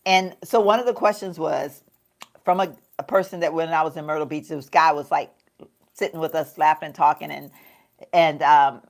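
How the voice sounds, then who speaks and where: A woman with a Southern US accent chatting casually to her viewers while she does her makeup, folksy and quick to laugh. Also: deep voice, fairly even intonation, gravelly. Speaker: lifestyle vlogger.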